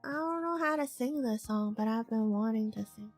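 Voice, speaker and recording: A woman's voice: on the high side, moderate pace, faint music behind. A woman from Hong Kong chatting casually with her live-stream chat, laughing often and reacting to viewers. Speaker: VTuber streamer.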